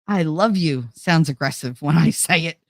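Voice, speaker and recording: A lower-voiced woman talks straight to her viewers, excitable and all in. She swears freely and laughs a lot. The sound is close and dry, with no room around it. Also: moderate pace, dry recording. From New Jersey. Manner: excitable, blunt and profane, laughs often. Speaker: streamer. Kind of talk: casual chat with viewers.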